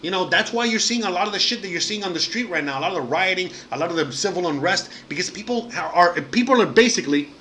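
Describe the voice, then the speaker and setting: A man's voice: sits high, lively intonation, fast talker, hardly any pauses, sharp tone, slight background noise. A man hosting a live stream, talking straight to his viewers in a heated, profane, outraged rant full of fillers. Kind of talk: casual ranting monologue to viewers.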